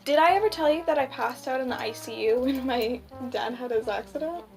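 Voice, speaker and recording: A woman's voice: high voice, fairly quick, vocal fry, soft background music, low-quality recording. A young woman as a guest in a casual chat, laid-back and wry, poking fun at herself. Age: young adult. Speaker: guest, host's best friend.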